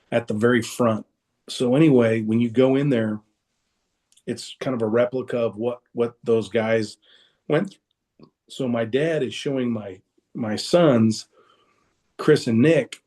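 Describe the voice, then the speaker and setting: Speaking over a video call, a guest with a mid-range, somewhat dark voice tells a personal story. He rambles casually and restarts often.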